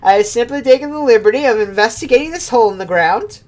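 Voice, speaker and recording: A woman voicing a pompous, bumbling male gentleman inspector with an overly formal manner. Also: fairly high pitch, lively intonation, fast talker, pitched above the performer's own voice, natural voice.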